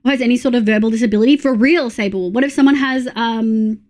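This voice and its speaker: A woman's voice: on the high side, quick pace, darkish tone. An Australian woman in her thirties chatting casually on a live stream, blunt and sweary, reacting to chat.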